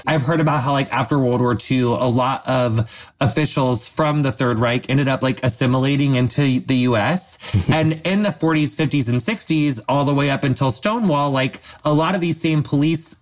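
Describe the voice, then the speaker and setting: A man's voice: mid-range voice, moderate pace. Chatty man asking rambling questions. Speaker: podcast host. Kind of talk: casual interview questions.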